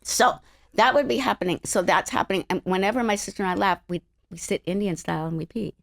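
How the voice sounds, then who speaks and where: A middle-aged woman from the Los Angeles area, an interview guest telling stories in an animated, laughing way. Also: medium pitch, fast, gravelly, dry recording, clean studio sound. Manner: animated, laughing, acts out other people's voices. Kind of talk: casual storytelling chat.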